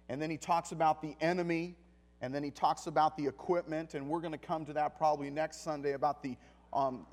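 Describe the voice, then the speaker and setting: A male pastor preaching a sermon, emphatic, with deliberate pauses and repeated phrases. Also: a little high, darkish tone.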